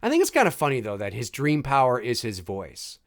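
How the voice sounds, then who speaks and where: A man hosts a live movie commentary, chatting casually and joking about scenes as they play, with laughs and mock quotes. His medium-pitched voice swoops wildly and moves a little fast.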